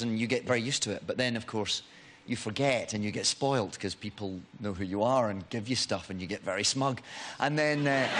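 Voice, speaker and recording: A man's voice: mid-range voice, fairly bright tone. Self-deprecating Scottish man, chat show guest. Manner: self-deprecating, hesitant with fillers. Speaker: actor guest. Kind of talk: casual chat show talk.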